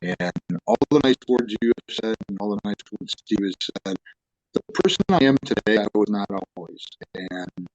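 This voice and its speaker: A man's voice: lowish voice, normal speed, a little mellow, muffled recording. A plainspoken man, a wrestling promoter and trainer, talking casually and a little choked up. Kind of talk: casual chat.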